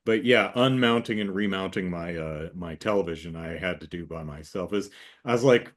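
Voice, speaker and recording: Lower-voiced man telling a rambling story. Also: fairly quick. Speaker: host. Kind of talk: casual chat.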